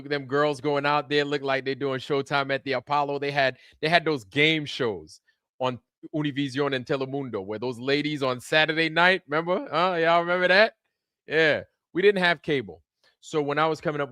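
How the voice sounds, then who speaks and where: A man with a medium-pitched, pushed, bright voice hosts a casual livestream, rambling and repeating words as he checks in with viewers. The audio is studio quality with no echo.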